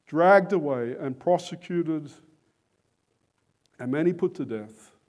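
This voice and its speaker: Male preacher, somewhat high voice, unhurried delivery, emphatic sermon style. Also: a little mellow. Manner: emphatic, rhetorical questions, slow deliberate stresses.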